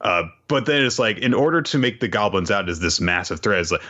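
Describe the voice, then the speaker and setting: A man talking in a relaxed podcast chat, laughing often and slipping into wry quoted lines. His low voice has a bright edge and swings widely in pitch. The recording sounds dull and lo-fi. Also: brisk. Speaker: co-host. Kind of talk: casual chat.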